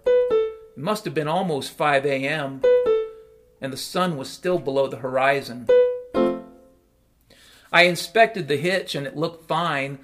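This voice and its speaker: Wry man narrating over piano. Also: a little high. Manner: casual, wry, matter-of-fact. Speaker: storyteller. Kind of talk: first-person story narration. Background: piano music.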